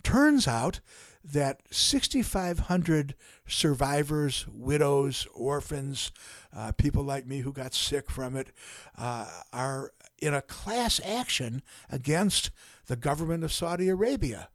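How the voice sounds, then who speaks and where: Older man, podcast guest, unhurried storytelling, frequent pauses, dry humor, dry close recording. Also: a little high, animated, no echo. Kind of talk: casual storytelling in a podcast conversation.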